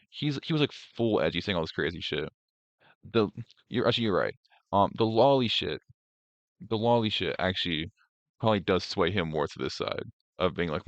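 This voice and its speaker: A young man with a very low, deep voice, talking loosely and profanely as he reacts on a livestream. He rambles and fills gaps with "um" and "like". The audio is dry and a bit dull, like a lo-fi desk mic. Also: no echo. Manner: rambling, profane, mocking, with filler words. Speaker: streamer host. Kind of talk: casual reaction stream commentary.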